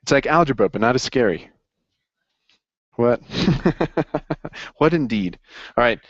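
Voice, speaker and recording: A man's voice: mid-range voice, lively intonation, takes it slowly, no echo, highs cut off. A man running a casual accounting review session, upbeat and jokey as he encourages his students. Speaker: accounting tutor.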